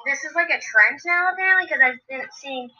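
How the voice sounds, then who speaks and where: A woman's voice: high voice, a little fast, pushed and bright, muffled recording. A teenage girl chatting casually with a friend on a homemade podcast, telling long run-on stories. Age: teens. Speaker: podcast co-host. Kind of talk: casual chat.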